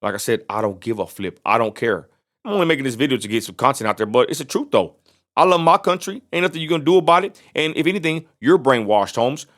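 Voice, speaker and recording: A man's voice: a little high, lively intonation, fast, a bit bright. A man from Texas, ranting bluntly in a vlog and repeating himself for emphasis. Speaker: vlogger.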